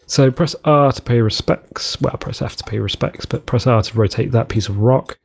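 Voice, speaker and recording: A man's voice: medium pitch, warm tone. A man casually commenting on his gameplay, rambling off on tangents and joking at his own expense. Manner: rambling, tangent-prone, self-mocking. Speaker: let's play host.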